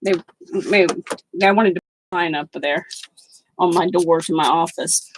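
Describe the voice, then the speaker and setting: A woman's voice: on the low side, unhurried, a little hiss or hum, low-quality recording. Outspoken middle-aged woman crafting and chatting. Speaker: craft vlogger. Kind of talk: casual chat while crafting.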